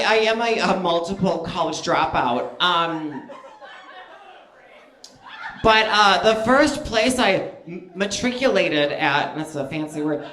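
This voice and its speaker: On a stage before a live audience, a man in his thirties performs stand-up in a high, slightly bright voice that echoes around the room. His set is chatty and self-deprecating, packed with fillers and asides.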